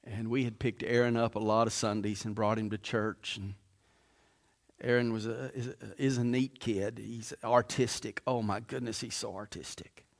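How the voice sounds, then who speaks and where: A man's voice: fairly low pitch, fairly even intonation, moderate pace. A middle-aged man, a pastor preaching a sermon, telling a story with many restarts and then pressing his point with emphasis.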